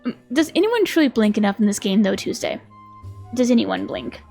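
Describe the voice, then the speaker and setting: A woman's voice: a little high, big pitch swings, brisk, gravelly, dark tone, faint music behind. A woman from Minnesota streaming a detective video game, reading its dialogue aloud with playful, giggly commentary. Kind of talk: casual let's-play commentary.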